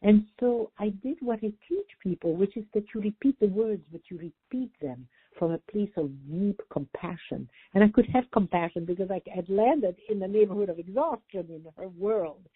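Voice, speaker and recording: An older woman therapist telling a story as a radio interview guest, animated and warm. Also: medium pitch, normal speed, few pauses, husky, dry recording. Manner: warm, animated storytelling, acting out quoted voices. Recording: dry, phone-like radio line.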